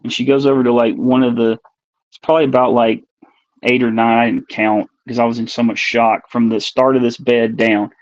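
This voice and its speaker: A man's voice: medium pitch, little pitch movement, fairly quick, dry recording. A man being interviewed as a guest, earnestly telling a personal encounter story and repeating and reworking his phrases as he searches for words. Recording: dull, dry recording.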